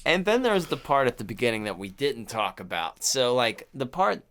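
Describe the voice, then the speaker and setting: A man co-hosting a podcast in casual chat, animated and swearing, with lots of "dude" and "like". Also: mid-range voice, normal speed. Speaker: podcast co-host.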